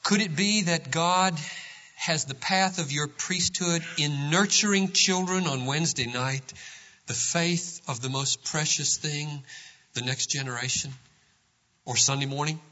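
Male pastor preaching a sermon, high bright voice, emphatic swells, dull lo-fi recording. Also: measured pace. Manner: swings from hushed to loud emphatic preaching.

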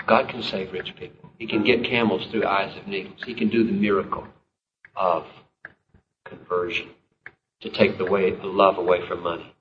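A man's voice: low voice, level tone, normal speed, recorded from a distance, noisy background. Impassioned male preacher in a roomy church. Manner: emphatic, climbing to impassioned peaks. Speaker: pastor. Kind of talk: sermon. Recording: roomy, dull live sermon recording.

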